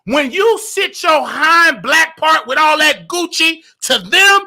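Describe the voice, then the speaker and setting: A man hosting a comedy show, ranting in a loud, animated way and often breaking into shouts. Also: very high voice, slow pace, few pauses. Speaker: show host. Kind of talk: comedic rant.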